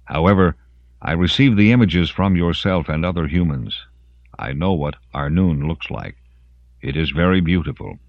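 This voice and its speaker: A man voicing a calm, polite dragon that speaks in measured, formal sentences. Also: low voice, no room sound, dull audio.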